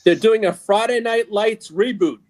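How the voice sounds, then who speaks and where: A man's voice: high voice, moderate pace, darkish tone, a little hiss or hum. A man co-hosting a podcast, eagerly bringing up news items in casual chat. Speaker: podcast co-host.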